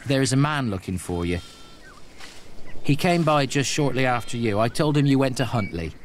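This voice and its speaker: An actor playing a shrewd but friendly shepherd who talks in a plain, easygoing way in a video game. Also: male voice, mid-range voice, expressive, normal speed, slight background noise, natural voice. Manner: plain-spoken, easygoing haggler.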